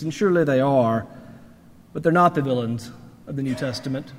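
A man's voice: fairly high pitch, in a large hall. A man preaching a sermon in a conversational, reflective way, rising to emphatic peaks. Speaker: pastor.

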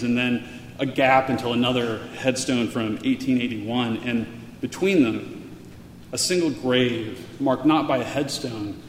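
A man telling a personal story aloud in an earnest, halting way, often repeating words as he goes. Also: mid-range voice, slight background noise. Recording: echoey hall with faint ambience.

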